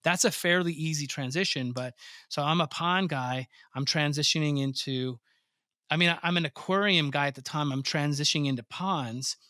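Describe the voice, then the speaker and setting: A man's voice: on the high side, normal speed, no echo, studio quality. A man, a pond business owner, telling stories in a casual podcast interview and acting out his own surprised reactions. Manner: animated storyteller, swears freely, acts out his own reactions.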